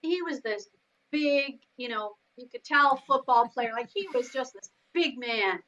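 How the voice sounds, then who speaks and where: A woman in a casual team chat, speaking earnestly and haltingly with many fillers. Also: high voice, animated, fairly bright tone, muffled recording. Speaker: team member.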